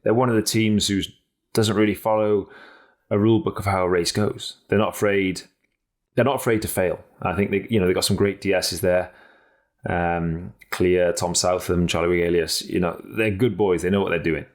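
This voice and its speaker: Sex: man. Role: podcast co-host and cycling pundit. Style: casual podcast chat. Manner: blunt, energetic, swears freely, restarts a lot. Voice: very low pitched. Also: normal speed.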